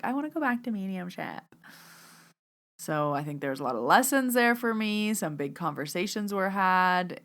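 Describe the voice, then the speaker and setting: Female podcast host with a slightly low voice, casual chatty storyteller who leans on "like" a lot. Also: a bit bright. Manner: chatty, frequent "like" fillers, acts out her inner thoughts.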